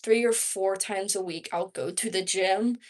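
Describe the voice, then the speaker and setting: Young woman from Georgia, chatty, rambling, livestream talk at home, lots of filler words, mid-pitched voice. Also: a little slow. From Georgia, United States. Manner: rambling and chatty, heavy use of "like". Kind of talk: casual livestream chat answering viewer questions. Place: her home.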